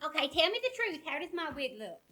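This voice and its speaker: A woman's voice: high voice, sing-song, quick pace, loud music behind the voice. A woman playing a brash, dramatic woman in a lookalike contest. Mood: nervous. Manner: feisty, dramatic, catty. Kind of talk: comedy sketch acting.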